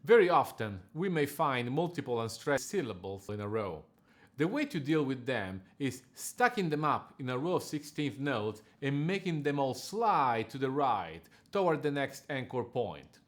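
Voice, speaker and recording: A man delivering a measured, precise scripted lesson as a diction coach. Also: medium pitch, sing-song.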